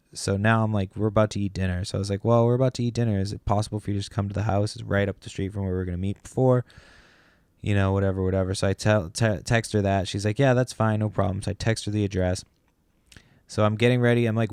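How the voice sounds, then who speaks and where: Low, smooth-voiced man ranting casually. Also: darkish tone, dry recording, clean studio sound. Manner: rambling, exasperated storytelling with frequent swearing. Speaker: podcast host. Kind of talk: casual solo podcast rant.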